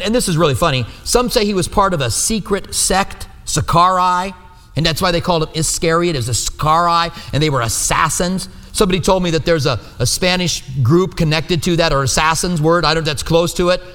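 Man preaching, high-pitched, conversational sermon, long hall reverb. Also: brisk, sharp tone. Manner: conversational, asks the room for agreement. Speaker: pastor. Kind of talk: sermon teaching.

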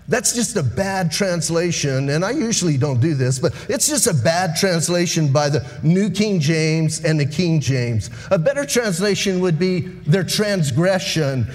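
A man delivers an evening sermon in a high, light voice, chatty and animated as he draws his congregation in. His words ring out with a long hall reverb around them. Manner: animated, conversational preaching with asides to the congregation. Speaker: pastor. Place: church sanctuary.

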